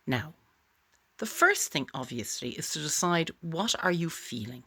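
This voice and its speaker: A woman explains a voice exercise straight to camera in a chatty, encouraging tone. Her voice sits a little low, but her pitch swoops up and down a great deal. She sounds like a warm coach rooting for her students. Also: big pitch swings, measured pace, slightly rough. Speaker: author teaching voice exercises. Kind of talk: direct-to-camera tutorial.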